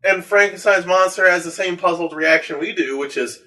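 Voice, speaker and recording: A man in casual chat with a bright, slightly high voice, telling a story with wry, clipped punchlines. He sits some distance from the mic. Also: moderate pace.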